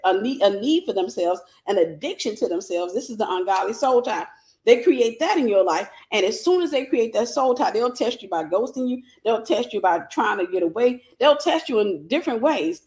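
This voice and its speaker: A woman's voice: fairly high pitch, darkish tone. Emphatic woman preaching. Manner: emphatic, repetitive, calls out to listeners. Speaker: minister teaching a lesson. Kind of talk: sermon-style Bible lesson.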